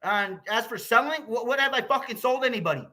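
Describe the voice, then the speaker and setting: High bright-voiced swearing American man. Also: animated, fairly quick. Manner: swears constantly, rambling and heated. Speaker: YouTuber. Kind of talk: profane rambling vlog rant.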